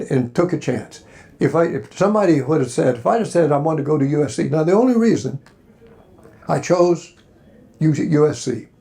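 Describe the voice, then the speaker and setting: A man's voice: fairly high pitch, gravelly, warm tone. An older man from Alabama, a convention panel guest telling rambling, folksy stories and encouraging the crowd. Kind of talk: storytelling Q&A. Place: hotel convention panel room.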